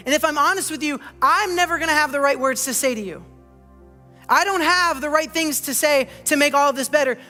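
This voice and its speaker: Bright-voiced pastor preaching in a hall. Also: high voice. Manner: earnest, personal, with repeated rhetorical questions. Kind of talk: sermon. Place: church auditorium.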